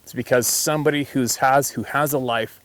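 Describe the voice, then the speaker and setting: A man's voice: mid-range voice, steady tone, brisk, dry recording. A man hosting a hunting channel, telling a story in a blunt, emphatic, rambling way. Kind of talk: casual storytelling to camera.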